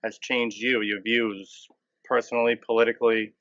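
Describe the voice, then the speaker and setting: A man's voice: medium pitch, flat delivery, normal speed, fairly bright tone. A man co-hosts a casual podcast interview and asks loose questions that trip over restarts. His voice sounds dry, with no room echo. The recording is dull and lo-fi. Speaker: podcast co-host.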